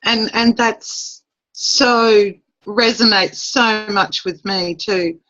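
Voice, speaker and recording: A woman taking part in a coaching session, speaking softly and sincerely with some hesitation. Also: medium pitch, extremely slow, dull audio. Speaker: session participant asking questions. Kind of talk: casual conversation.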